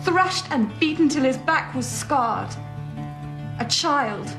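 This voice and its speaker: A spirited young gentlewoman. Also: sits high, lively intonation, takes it slowly, over music, full character voice. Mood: impassioned. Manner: formal, impassioned speech. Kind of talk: period television drama acting.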